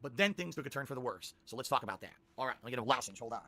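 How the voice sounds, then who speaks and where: A man telling a long rambling story to his stream viewers, animated and repeating himself. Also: medium pitch, racing.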